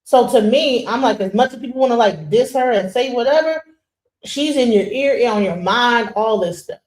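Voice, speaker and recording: A woman hosts a casual commentary stream, animated and emphatic, dropping into mocking impressions. Her voice is a bit high and rings in an echoey room. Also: normal speed. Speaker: host.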